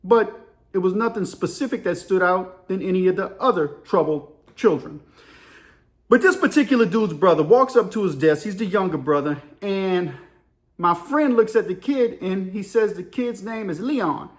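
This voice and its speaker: A man's voice: high-pitched, lively intonation, normal speed. A middle-aged man telling a story in a casual monologue, acting out voices and sound effects and laughing often. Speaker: storyteller and channel host.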